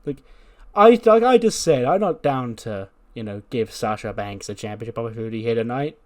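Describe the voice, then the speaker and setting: A man's voice: mid-range voice, animated, a little fast, close to an everyday voice. A man playing a haughty female wrestling champion. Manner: arrogant, scornful ranting.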